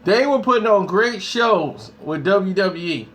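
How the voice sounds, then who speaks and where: A man's voice: high voice, animated, a little slow, a bit bright. A man hosting a casual live stream, talking straight to his viewers in a slangy, hyped way. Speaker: YouTube host.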